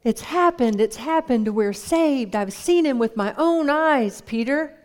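A woman voicing an excited young male fisherman, breathless and urgent, as a quoted figure in a sermon. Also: sits high, unhurried, pitched above the performer's own voice.

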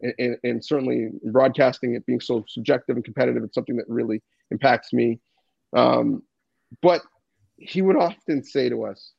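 Gravelly, husky man, earnest and reflective. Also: on the high side, normal speed, darkish tone, no echo, lo-fi sound. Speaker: former player and sports journalist. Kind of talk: reflective podcast tribute.

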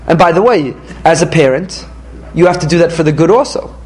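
A middle-aged man teaching a lively Torah lesson to a small live audience, talking emphatically and often jumping into high-pitched quoted voices. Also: brisk, rough recording. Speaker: rabbi teaching a class. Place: room with a small listening audience.

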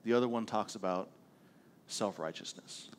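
A man's voice: lowish voice, normal speed. A middle-aged man, preaching a sermon as pastor in a conversational, self-deprecating storytelling way, often checking in with the congregation.

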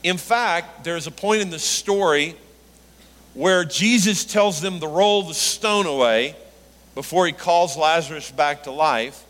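Animated pastor preaching in a reverberant hall. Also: male voice, unhurried. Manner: animated, rising into emphatic high pitch on quoted lines. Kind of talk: sermon.

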